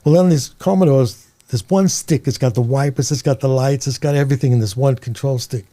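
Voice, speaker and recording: An older man from New York with a New York accent, telling rambling, animated stories as an interview guest and laughing along. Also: mid-range voice, fairly quick. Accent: American, New York. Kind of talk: casual storytelling.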